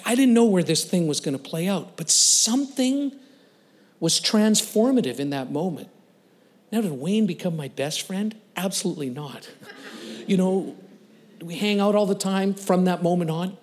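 A male guest speaker telling a personal story in a sermon, animated, laughing and acting out the voices of the people in it. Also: fairly high pitch. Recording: long reverb of a large hall.

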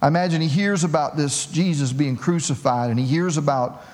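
Middle-aged male pastor, a touch high-pitched, animated sermon storyteller with a joking streak. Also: a little fast. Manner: animated storytelling with self-mocking humor.

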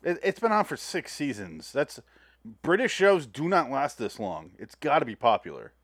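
A man from the United States co-hosting a podcast, chatting casually and retelling a TV episode in quick paraphrase, swearing now and then. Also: medium pitch, sing-song, fairly bright tone, no echo, clean studio sound. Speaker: podcast co-host. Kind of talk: casual chat recapping a TV episode.

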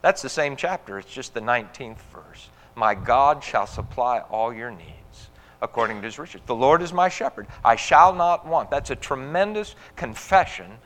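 A man's voice: medium pitch, animated, normal speed, a bit bright. Preaching man in a reverberant hall. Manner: earnest preaching, rising emphasis on quoted scripture. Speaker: pastor. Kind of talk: sermon.

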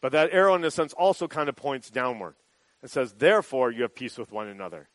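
A pastor giving a sermon in a relaxed, conversational style, often tagging his points with a quick "right?" His voice sits in a middle pitch for a man. The recording is close and dry, with little room sound. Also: no room sound, rough recording.

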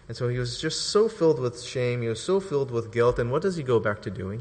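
A man preaching a sermon, telling the story in a lively, joking way and acting out quotes. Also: mid-range voice, fairly quick, few pauses, big-room sound.

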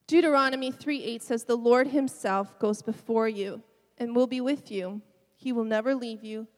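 A middle-aged woman pastor preaching a sermon, telling a personal story with emotion and soft laughs. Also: fairly high pitch, moderate pace, in a large hall.

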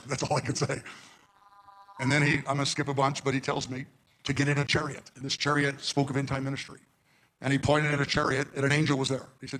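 Male preacher, flat storytelling delivery, quotes dialogue in his stories, halting restarts. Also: mid-range voice, poor audio. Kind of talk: recorded sermon storytelling.

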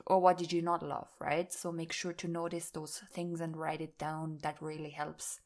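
A woman hosting a self-care podcast, talking casually and laughing often as she speaks. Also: on the low side. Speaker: podcast host. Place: rural home near fields.

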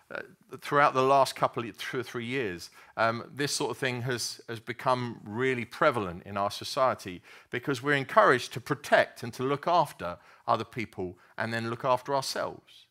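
A man's voice: medium pitch, bright, forceful tone. A man preaching a sermon, telling stories earnestly with frequent restarts and fillers.

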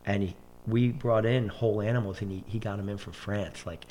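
Man telling kitchen stories, low voice. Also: fairly even intonation, brisk, warm tone, a little hiss or hum. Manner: rambling, with many restarts and quoted dialogue. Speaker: chef. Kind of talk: casual storytelling in conversation.

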